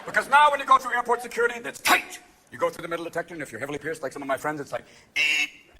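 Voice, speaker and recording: A man performing a stand-up comedy routine on a theater stage, manic and shouting his punchlines as he jumps between voices. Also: on the high side, very animated, very fast. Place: theater stage before a live audience. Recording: live show with loud crowd laughter.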